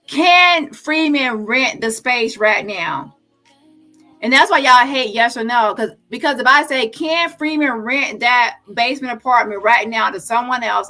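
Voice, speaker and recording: Confrontational woman host, bright voice. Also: fairly high pitch, low-quality recording. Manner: confrontational, addresses viewers as y'all. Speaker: commentary channel host. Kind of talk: heated livestream commentary.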